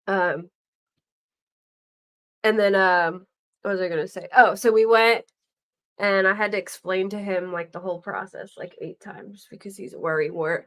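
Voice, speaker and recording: With a mid-range voice, a moderate pace and long pauses, a middle-aged woman hosts a true crime podcast. She chats casually, animating her stories by acting out the voices of those she quotes.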